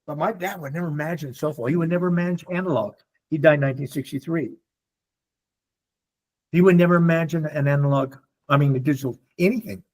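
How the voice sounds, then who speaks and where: An older man with a husky, slightly raised voice tells stories to a group. He acts out other people's lines as he goes, and his pitch and loudness swing widely from one phrase to the next. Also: quick pace. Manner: animated storyteller acting out voices. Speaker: support group speaker. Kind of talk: storytelling talk to a group.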